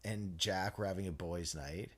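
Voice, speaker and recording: A man's voice: deep voice, normal speed, a loud crowd. A man co-hosting a podcast, telling rambling, joking stories and correcting himself as he goes. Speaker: podcast co-host. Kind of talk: casual chat.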